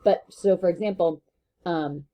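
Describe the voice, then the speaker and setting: A woman's voice: on the low side, a little slow, highs cut off. A woman teacher giving a recorded online lesson, talking in a casual, joking way with many fillers.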